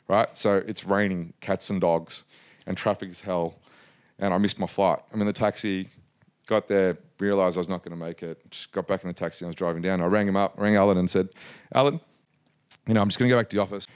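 A man around forty, a guest in an interview, telling a lively story and acting out what others said. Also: sits low, fast, clean tone. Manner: lively anecdotal storytelling, acts out quotes. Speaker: interview guest, mining investor.

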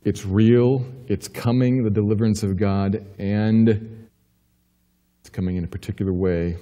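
A pastor preaching a sermon with emphatic delivery, rising to urgent questions and dropping to quiet assurance. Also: male voice, lowish voice, steady tone, unhurried, big-room sound, highs cut off. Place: church sanctuary.

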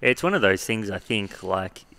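Brief: male host, lowish pitch, bright crisp tone, hesitant and filler-heavy. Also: lively intonation. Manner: halting, filler-heavy, restarts often. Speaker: podcast host. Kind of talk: casual interview chat.

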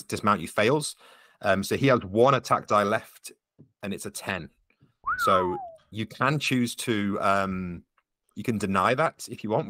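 A man narrates and referees a tabletop game, walking a player through the rules in a low, unhurried voice. He fills pauses with ums as he thinks. The sound is dry and close. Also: sharp tone, dry recording. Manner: explains rules patiently, lots of ums. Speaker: game master.

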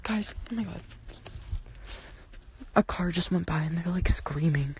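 A woman's voice: fairly low pitch, unhurried, a little hiss or hum. Jumpy young woman whispering outdoors at night. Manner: jumpy, swearing, lots of "like" and "oh my god"; drops to hushed whispers. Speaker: livestreamer. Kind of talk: casual live stream chat. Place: outdoors at night around a house and yard.

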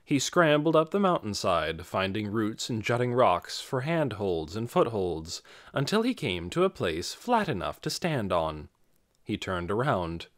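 A man reading an audiobook chapter aloud as its narrator. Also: lowish voice. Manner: expressive storytelling. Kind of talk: scripted narration.

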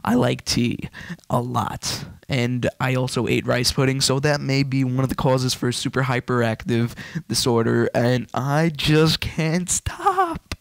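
A man rambling fast and wired with energy while commentating a video game. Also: medium pitch, flat delivery, vocal fry, no room sound. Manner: rapid, hyper, rambling. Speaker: let's play gamer.

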